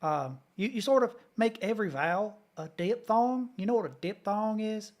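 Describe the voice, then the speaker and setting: A man's voice: high-pitched, animated, moderate pace. A man from Kentucky reacting casually to videos as a streamer, chatty, swearing freely and laughing often.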